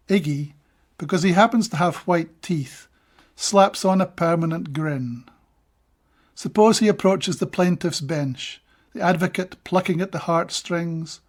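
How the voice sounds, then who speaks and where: A Scottish man giving a measured, deliberate poetry reading of his own translations, with brief plain-spoken asides between poems. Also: fairly high pitch.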